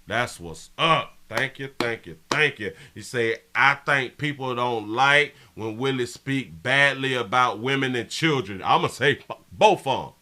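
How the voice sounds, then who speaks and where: A man hosting a live stream, reading viewer comments in a brash, profane way that swings from mumbling to yelling. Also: mid-range voice, expressive, unhurried, hardly any pauses, a little hiss or hum. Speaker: live show host.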